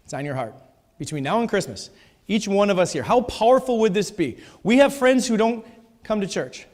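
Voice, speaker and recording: A man's voice: sits high, lively intonation, a little fast, a little mellow. A man preaching a sermon in a church, emphatic and repeating his key phrases. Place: church sanctuary. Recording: long reverb of a church hall.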